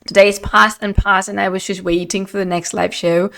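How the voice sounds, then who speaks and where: Into a desk microphone at home, a mid-pitched female streamer chats a little fast with some vocal fry during a casual live stream on camera. Her first language is Spanish, and she's lively and talkative, often laughing and dropping in Spanish phrases.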